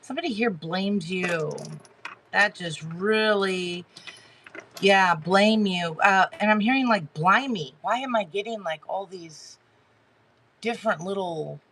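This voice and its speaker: A woman giving a live tarot reading to her chat, talking haltingly with many fillers and restarts and greeting viewers by name. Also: mid-range voice, fairly bright tone, slight background noise. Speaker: tarot reader hosting a live stream.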